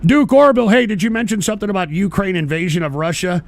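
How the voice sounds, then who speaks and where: High-pitched, fast, and creaky, a man hosting a livestream show launches into an angry, profane rant. He sounds exasperated and keeps stammering and restarting.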